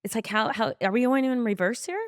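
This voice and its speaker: A woman's voice: fairly high pitch, brisk, clear, resonant tone, no echo, clean studio sound. A woman hosting a podcast, chatting casually and enthusiastically, often agreeing with her guest. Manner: enthusiastic, frequent agreeing and laughing. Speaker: podcast host. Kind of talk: casual conversation.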